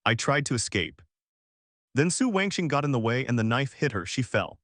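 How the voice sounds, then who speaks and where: A man's voice: medium pitch, normal speed, no echo. Man narrating a story recap, dry sound. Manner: steady read-out telling with quoted dialogue. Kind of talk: first-person recap narration.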